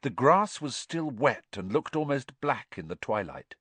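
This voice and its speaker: A man giving expressive, scripted storybook narration at a close mic. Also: mid-range voice, measured pace, slightly rough, no echo. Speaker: audiobook narrator.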